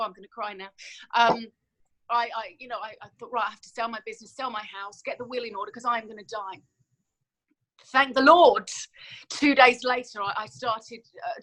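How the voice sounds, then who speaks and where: A woman's voice: on the high side, bright, forceful tone, poor audio. A woman in her thirties telling her story as a podcast guest, earnest and emphatic, often repeating words as she goes. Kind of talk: emotional personal story in a podcast interview.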